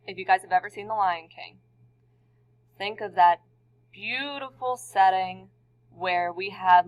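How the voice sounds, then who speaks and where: A woman teacher talks her students through a recorded lesson, chatty and relaxed, with fillers and questions to the class. Her voice sits at a mid pitch. The recording is dull and lo-fi.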